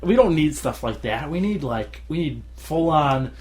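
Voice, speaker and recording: A tired man co-hosting a podcast in casual chat, rambling and laughing often as he acts out shouted quotes. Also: fairly high pitch, expressive, measured pace. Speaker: podcast co-host.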